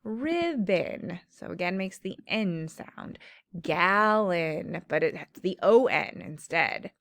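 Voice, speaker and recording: A woman teacher giving a slow, clear phonics lesson to children, stretching out the sounds of words. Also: fairly low pitch, animated, fairly bright tone, no room sound.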